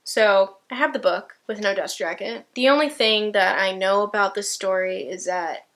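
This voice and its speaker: A woman's voice: medium pitch, moderate pace, a bit bright. A woman in her twenties chatting casually about books she bought, rambling with lots of "like" and "you know" and the odd swear word. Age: 20s. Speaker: book vlogger. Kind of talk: casual book haul chat.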